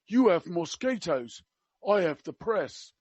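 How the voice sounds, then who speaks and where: A man putting on a blunt, tactless elderly gentleman with an attempted Cockney accent, his pitch pushed up for the quips. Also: big pitch swings, takes it slowly, breathy edge, no room sound, dull audio, heavily acted. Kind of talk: comic impression in a podcast reading.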